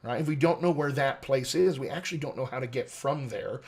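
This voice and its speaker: A man's voice: mid-range voice, fairly quick, a little mellow. An American man, an accent coach, explaining his teaching method methodically in an interview. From United States. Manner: articulate, methodical, lecturing.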